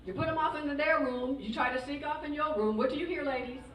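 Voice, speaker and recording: A woman's voice: high-pitched, quick pace, a bit bright. A middle-aged woman doing stand-up comedy, sassy and chatty, teasing the audience about marriage and motherhood. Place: large hall with live audience. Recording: echoey hall from far off, crowd laughter and noise.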